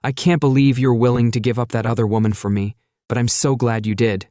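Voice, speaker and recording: A man's voice: medium pitch, flat delivery, brisk, warm tone, no room sound, studio quality, close to an everyday voice. A man reading the lines of an adult wife talking with her husband, earnest and plain. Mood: eager.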